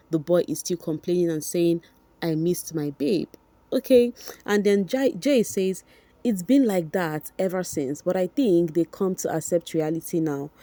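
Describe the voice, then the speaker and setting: Nigerian woman chatting to her viewers, gossipy vlog, lowish warm voice. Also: no echo. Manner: chatty, addresses viewers directly, repeats for emphasis. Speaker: vlogger. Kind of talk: casual gossip commentary.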